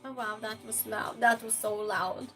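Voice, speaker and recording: A woman hosting a quiz game on her live stream, reading chat messages aloud in a casual way, sometimes loud and sometimes dropping almost to a whisper. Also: a little high, steady tone, faint music behind. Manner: reads chat aloud, slow and chatty, swings between loud outbursts and soft near-whispers.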